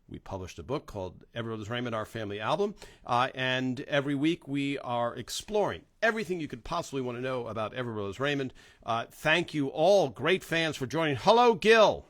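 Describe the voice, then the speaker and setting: A man's voice: mid-range voice, fairly bright tone, no room sound, studio quality. A middle-aged man from New Jersey hosting a casual livestream, greeting viewers one by one with many fillers. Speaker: host.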